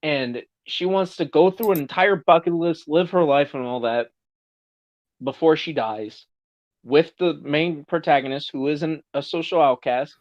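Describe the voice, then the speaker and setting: Swearing podcast host, dull lo-fi sound. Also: male voice, fairly high pitch, measured pace. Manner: casual, swears freely, animated retelling. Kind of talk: casual chat.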